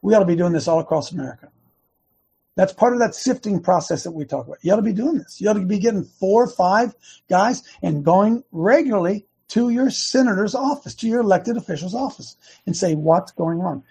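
Man hosting a show, high-pitched husky voice, emphatic, preachy, quick bursts. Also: lively intonation, dark tone. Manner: emphatic, fiery, repeats words in bursts. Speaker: host of an online activist show. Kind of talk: fast casual preaching talk.

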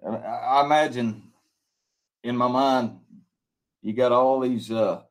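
A man co-hosting a political talk show, earnest, painting pictures with halting, repeated starts. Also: medium pitch. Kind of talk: casual political chat.

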